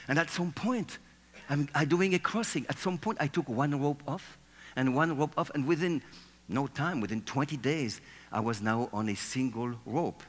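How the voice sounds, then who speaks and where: Man, animated, playful, acts out scenes, seated on stage, echoing hall. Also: mid-range voice. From France. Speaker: speaker giving a talk. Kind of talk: theatrical storytelling talk.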